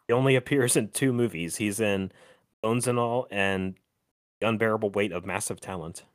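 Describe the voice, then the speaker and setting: A man with a fairly low voice co-hosts a podcast in easy conversation. He hesitates constantly, restarting his sentences and chuckling between thoughts. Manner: halting, many fillers and restarts, laughs often. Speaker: podcast co-host. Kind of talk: casual chat.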